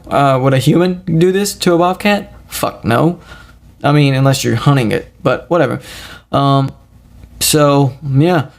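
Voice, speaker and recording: A man talks through a solo podcast in a crude, profane, rambling rant. His voice sits at an ordinary pitch, with a gravelly rasp running through it. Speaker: podcast host.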